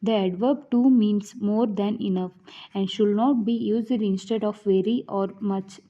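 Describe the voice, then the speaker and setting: A woman reading grammar rules aloud like an audiobook, in a measured way with the odd stumble and restart. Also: medium pitch, fairly even intonation. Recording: dull lo-fi recording.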